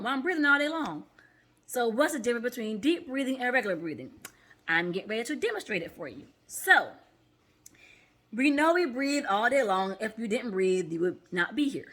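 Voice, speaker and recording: A woman with a sharp tone, a therapist and mindfulness coach, speaks casually to viewers in an instructional vlog. Quick "okay?" check-ins come often, and she demonstrates deep breaths audibly.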